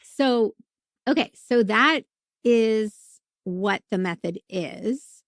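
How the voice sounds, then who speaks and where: A woman's voice: mid-range voice, lively intonation, slow, no echo, studio quality. Scratchy-voiced woman podcast host. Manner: warm interjections, conversational questioning. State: losing her voice, scratchy. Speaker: podcast host, labor nurse. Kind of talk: casual podcast interview.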